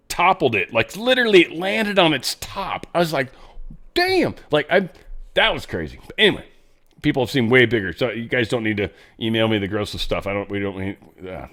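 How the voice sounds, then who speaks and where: A man with a fairly low, slightly bright voice hosts a casual political commentary show. He rambles, keeps restarting his thoughts, and tosses in irreverent, jokey asides.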